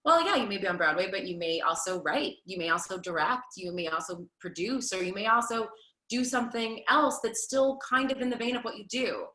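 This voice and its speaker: A woman in her thirties, a stage performer, answering interview questions in an animated, chatty way with lots of fillers. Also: medium pitch, brisk, reverberant, rough recording. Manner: animated, laughs often, many fillers. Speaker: Broadway performer, guest.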